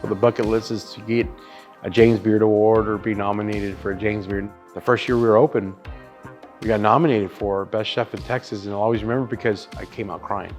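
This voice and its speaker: A man in his thirties, chef and owner of a barbecue restaurant, talks a little fast in a lowish voice as he tells his story during a casual interview. He's animated, doesn't hold back on swearing, and keeps saying "dude" and "brother," with soft music in the background.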